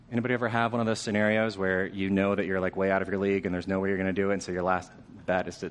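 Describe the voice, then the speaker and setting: A man preaching a sermon in a conversational way, asking the congregation questions and dropping to a hushed tone for weighty lines. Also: low-pitched, fairly even intonation, rapid-fire, hardly any pauses.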